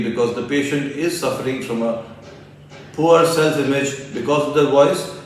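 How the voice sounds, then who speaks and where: Calm man lecturing in an echoey room. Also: mid-range voice, slight background noise. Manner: calm, explanatory. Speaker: ENT doctor teaching. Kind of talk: educational lecture. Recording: echoey room, voice from far off mic.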